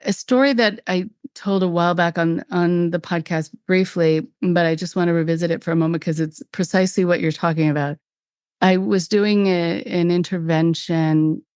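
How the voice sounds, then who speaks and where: A middle-aged woman hosting a podcast, telling a story from her therapy work with feeling, in quick bursts. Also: on the low side, a little mellow, smooth, no room sound, clean studio sound. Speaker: podcast host and cult-recovery therapist.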